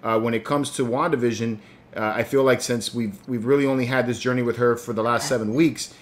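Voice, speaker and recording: A man at a middle pitch co-hosting a relaxed show review. He talks earnestly and emphatically and swears casually as he works through his points. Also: fairly quick, slight background noise. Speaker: podcast co-host.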